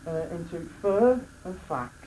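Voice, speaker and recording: A man's voice: high-pitched, big pitch swings, measured pace, poor audio. A man giving a joking wedding speech as best man, laughing between lines and restarting his sentences. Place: wedding reception room. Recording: loud crowd and noise, live reception.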